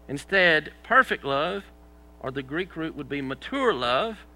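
A man preaching to a church congregation, his slightly raised voice grainy with fry. His tone is very bright and forceful. He keeps it conversational, tossing questions to the room and joking about his own failings. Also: on the high side, animated, a little slow, poor audio. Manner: conversational preaching, asks the congregation questions, self-deprecating humor. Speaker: pastor. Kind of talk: sermon.

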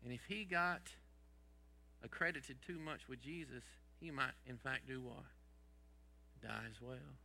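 A man's voice: mid-range voice, measured pace, gravelly, long pauses, bright, forceful tone. A man preaching a sermon as pastor, asking the congregation rhetorical questions and dropping folksy sayings.

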